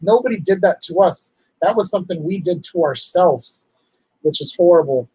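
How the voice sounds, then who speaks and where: A man hosting a casual livestream, talking in an emotional, halting, apologetic way. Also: sits high, animated, warm tone, husky, no room sound, poor audio. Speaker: livestream host.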